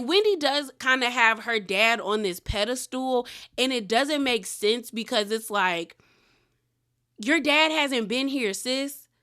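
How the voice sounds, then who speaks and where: A woman recapping a reality show in casual, animated commentary, acting out the quotes. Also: a little high.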